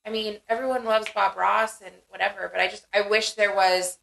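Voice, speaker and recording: A young woman co-hosting a podcast in casual chat, talking in a chatty, animated way with lots of fillers. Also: medium pitch, a little fast, gravelly, rough recording. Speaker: podcast co-host.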